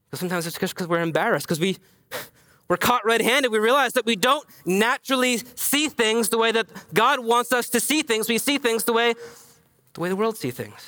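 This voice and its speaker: A male pastor preaching a sermon in a casual, conversational way, telling the story with animated swings between raised emphasis and hushed, near-whispered lines. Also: extremely high pitch. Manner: casual, conversational phrasing with many fillers.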